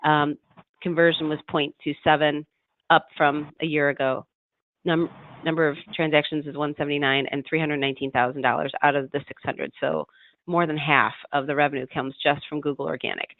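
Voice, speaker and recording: A man with a somewhat high voice explains marketing data to a client over a call. His talk is loose and explanatory, full of fillers and self-corrections. The sound is tinny and phone-like, dry with no room echo. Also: little pitch movement, a little fast, creaky. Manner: explanatory, many fillers and restarts. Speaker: marketing consultant. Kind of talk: business consultation call. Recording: tinny phone-line audio.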